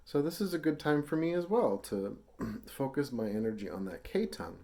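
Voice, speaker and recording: A man of medium pitch with a gravelly, dark voice and lively intonation teaches brass at normal speed. He stays patient and casual, with fillers, voicing tonguing syllables for his students to imitate.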